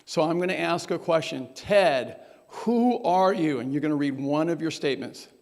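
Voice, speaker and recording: A man's voice: a little high, animated, normal speed, a little mellow, long reverb tail. A man leading a workshop group exercise, coaching and urging the room on with energy. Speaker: workshop presenter.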